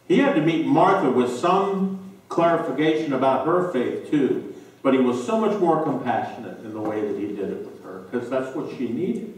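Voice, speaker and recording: A male pastor preaching a sermon, slow and emphatic with dramatic pauses, recorded in a church sanctuary. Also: mid-range voice, lively intonation. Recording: very echoey church from a distance.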